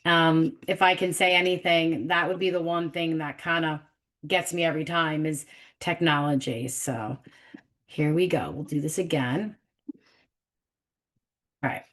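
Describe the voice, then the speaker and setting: A woman's voice: deep voice, steady tone, measured pace, pauses often, a bit bright. A woman with a New York accent hosting a live video-call webinar, chatting casually and joking about fumbling with the technology. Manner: chatty, self-deprecating, fumbling with tech. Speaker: webinar host.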